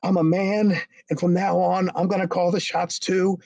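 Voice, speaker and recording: A man putting on the voice of a crying young man, high and pleading, as he retells a story. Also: level tone, moderate pace, vocal fry, darkish tone, dry recording, dull audio. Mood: defiant. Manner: high-pitched pleading whine.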